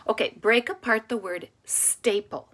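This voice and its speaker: A woman teaching a phonics lesson to young children, encouraging them and sounding out words slowly and clearly. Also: fairly high pitch, a bit bright.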